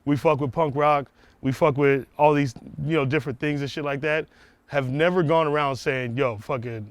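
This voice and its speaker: Animated, profane man, slightly high voice. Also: moderate pace, smooth, no echo. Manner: animated, profane, acts out quoted people. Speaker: comedian guest. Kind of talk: casual chat. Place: outdoors on a neighborhood street.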